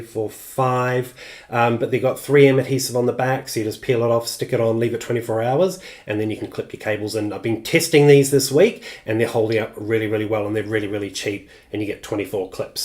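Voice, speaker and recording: A man's voice: mid-range voice, darkish tone. A middle-aged man hosting a live-streamed craft tutorial, chatty and loose, with plenty of ums and uhs as he answers viewer comments.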